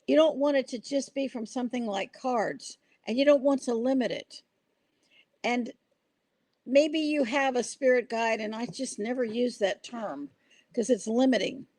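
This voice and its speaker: A woman's voice: on the high side, measured pace, darkish tone, no echo. An older woman hosting a podcast, telling stories in an earnest, rambling way with restarts. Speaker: podcast host. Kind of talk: casual podcast conversation.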